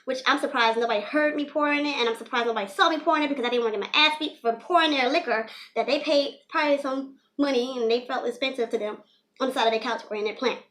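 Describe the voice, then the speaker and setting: Animated young woman telling a story. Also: high-pitched, quick pace. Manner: animated, rambling, lots of "you know" fillers. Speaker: storyteller vlogger. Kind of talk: casual storytelling.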